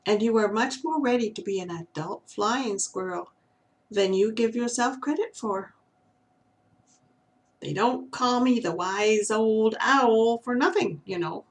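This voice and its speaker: A woman reading aloud and voicing a wise old male owl who speaks in a gentle, instructive way. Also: fairly high pitch, measured pace, natural voice, low-quality recording.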